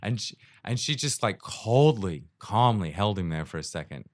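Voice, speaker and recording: A man's voice: lowish voice, very animated, normal speed, dry recording, clean studio sound. A man hosting his own show, telling a story in a loose, casual way and often laughing as he acts out the people in it. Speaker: podcast host.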